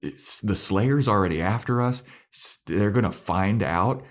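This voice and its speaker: A man's voice: lowish voice, animated, a little slow. A man voicing Jonathan, a panicky, nervous young male sidekick who whines hesitantly. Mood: panicked.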